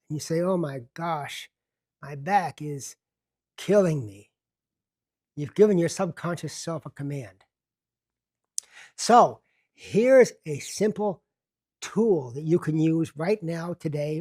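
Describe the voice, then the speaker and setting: A man hosting a self-help television show, teaching in a deliberate, emphatic way and slowing down to stress key words. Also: fairly high pitch, darkish tone. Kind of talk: self-help lecture to camera.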